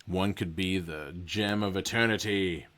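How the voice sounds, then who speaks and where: A man's voice: deep voice, a little slow, a bit bright. A man hosting a podcast, casually reading a horror gamebook aloud and breaking off for joking asides. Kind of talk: casual read-aloud with commentary.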